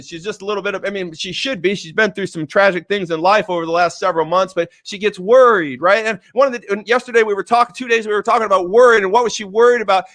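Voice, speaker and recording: Excitable high-voiced man giving a motivational talk. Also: dry recording. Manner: excitable, emotional, repeats phrases for emphasis; swings from low quiet emphasis to loud excited bursts. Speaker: motivational speaker.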